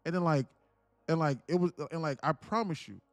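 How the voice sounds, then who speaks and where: A man's voice: a little high, fairly quick, no room sound, soft background music. A man hosting a trading livestream, telling a long story in a rambling, emphatic way, full of "like" and swearing. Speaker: trading stream host.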